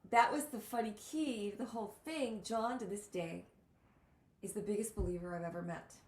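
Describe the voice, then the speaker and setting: A woman hosts a casual talk show and tells her stories with animated exclamations. Her voice sits in a middle range, and the recording carries a roomy echo. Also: medium pitch, moderate pace, a little hiss or hum. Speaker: host. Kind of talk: casual storytelling chat.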